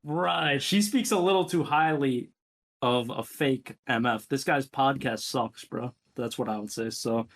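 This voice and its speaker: A young man co-hosting a casual, jokey chat that ranks game characters, his voice jumping up high for playful bits. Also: unhurried. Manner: animated, jokey, pitch jumps up for bits. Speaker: co-host ranking game characters. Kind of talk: casual banter.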